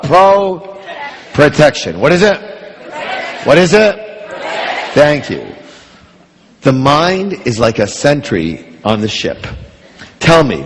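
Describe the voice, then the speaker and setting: Call-and-response seminar man, reverberant hall. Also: a little high. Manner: call-and-response with audience, animated. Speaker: motivational speaker. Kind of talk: motivational seminar talk. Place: large hall with audience.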